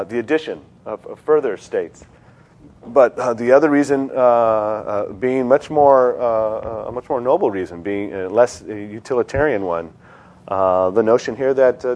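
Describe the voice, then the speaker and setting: A middle-aged man teaching a seminar in a classroom, animated and joking, with many fillers and restarts. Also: on the low side. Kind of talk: classroom lecture and discussion.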